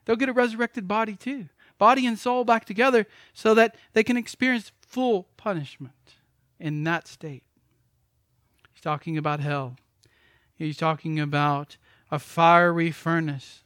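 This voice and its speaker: A man's voice: a little high, no room sound, clean studio sound. Emphatic pastor man preaching. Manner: emphatic, pleading preacher with swings from loud to hushed. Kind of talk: sermon.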